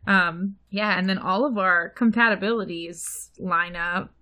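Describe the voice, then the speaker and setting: A woman in casual conversation on a podcast, her voice sitting in an ordinary middle register. She rambles, leans on fillers, and lets her phrases drop away quietly at the ends. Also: mid-range voice, steady tone, measured pace. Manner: chatty, many fillers, trails off softly. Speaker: podcast co-host. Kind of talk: casual chat.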